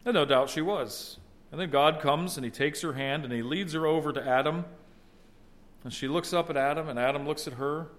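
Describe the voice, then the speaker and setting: A man's voice: fairly high pitch, a little fast, a bit bright. A middle-aged man preaching a sermon in a conversational way, at times building to emphatic exclamations. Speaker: pastor.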